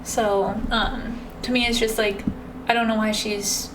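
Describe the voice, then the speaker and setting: Woman, casual reaction commentary, matter-of-fact, slow speech, distant mic, noisy background. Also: on the high side, level tone. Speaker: reaction video host.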